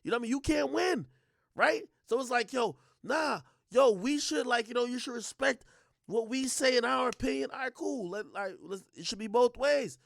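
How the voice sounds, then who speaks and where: A young man ranting on a stream, profane and animated, stumbling over fillers as he argues. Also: very high voice, normal speed, creaky, no room sound, clean studio sound. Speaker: streamer and commentator.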